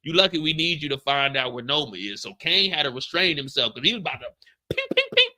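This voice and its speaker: A man hosting a recap who tells the story in an animated way, using slang, sound effects and calls to the chat. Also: fairly high pitch, quick pace, a little hiss or hum. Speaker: show recap host.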